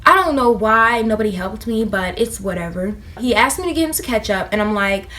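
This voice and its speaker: Speaking directly to her viewers, a young woman vlogger tells a story about work in a casual storytime chat. Her mid-range voice moves briskly, and she's animated and full of slang.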